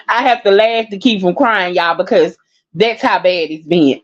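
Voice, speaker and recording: A woman's voice: medium pitch, fairly even intonation, moderate pace. A tired woman talking casually to her viewers, rambling and heartfelt, calling them y'all and laughing through her exhaustion. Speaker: vlogger. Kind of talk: casual personal talk to viewers. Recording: dull lo-fi sound.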